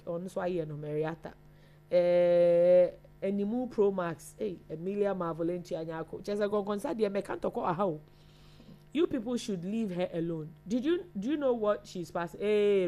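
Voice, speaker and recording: A woman's voice: lowish voice, normal speed, dark tone. Chatty Ghanaian woman reading viewer comments. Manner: chatty, reads names and messages aloud. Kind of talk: live online chat show.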